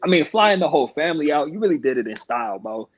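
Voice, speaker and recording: A man's voice: on the high side, sing-song, fast talker, a little hiss or hum. Man hosting an interview over a dull call. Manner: warm, affirming, thoughtful interviewer. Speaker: podcast host. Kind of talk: casual interview. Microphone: video call.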